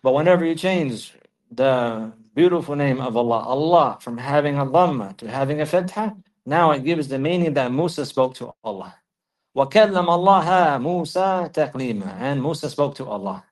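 A man giving a religious lesson, repeating key phrases for emphasis and reciting Arabic verses quickly. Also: mid-range voice, animated, low-quality recording. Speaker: Islamic teacher.

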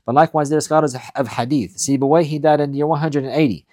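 Fast-talking male teacher, dry sound. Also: a little high, fairly even intonation, a little mellow, no echo. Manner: reads Arabic quickly, then explains it in English with repetition; deliberate, emphatic, repeats key points. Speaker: Islamic studies teacher. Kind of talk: recorded lesson explaining classical texts.

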